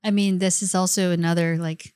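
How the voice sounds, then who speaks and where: A woman's voice: lowish voice, little pitch movement, a little fast, a little mellow, smooth, no room sound. A woman from the United States, an action film actress, chatting casually as a podcast guest, laughing often and filling her talk with "like" and "you know".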